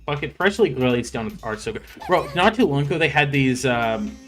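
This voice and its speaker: A man's voice: mid-range voice, expressive, brisk, fairly bright tone. Young guy streaming a game, rambly, laughs a lot, swears, faint game music behind. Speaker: livestreamer. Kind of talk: casual gaming livestream chat.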